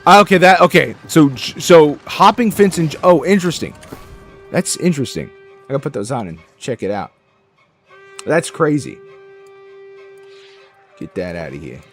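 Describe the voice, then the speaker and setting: A man's voice: a little high, moderate pace, long pauses. Hyped gamer guy narrating his own play, jokey, voice swings way up and down, bit of game music behind. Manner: excitable, jokey, talks to himself and the game. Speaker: gameplay streamer. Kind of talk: casual gaming commentary.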